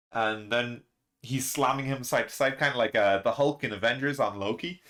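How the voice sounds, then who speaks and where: Excitable man reacting to a chapter. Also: medium pitch, unhurried. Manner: excitable, laughs often, rambling with many fillers. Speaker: manga reaction channel host. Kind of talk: casual reaction and review commentary.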